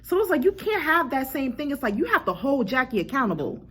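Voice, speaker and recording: A young woman with a slightly husky voice talks through a reality TV episode with her co-host. Her pitch swings widely, and it jumps up sharply when she gets indignant. She speaks in a casual, lively recap manner. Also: fast. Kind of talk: casual chat reviewing a reality show.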